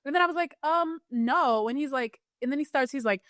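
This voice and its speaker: Young woman, podcast co-host, casual chat, animated storyteller, fairly high voice, dry studio sound. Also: fairly quick, no echo. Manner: animated storyteller, swoops high when quoting herself.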